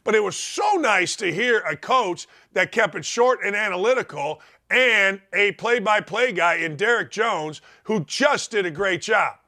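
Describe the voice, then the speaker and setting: Emphatic high-voiced sports talk host. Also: male voice, lively intonation, unhurried, few pauses, sharp tone. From Indiana. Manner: emphatic, rambling, repeats words for stress.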